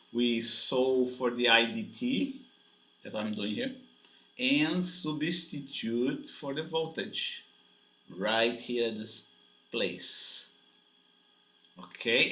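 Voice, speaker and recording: Speaking from the middle of his range, a man delivers a physics lesson in a pushed, bright voice, explaining each step and frequently asking "okay?" or "right?" It's a classroom lecture captured in an echoey, dull recording.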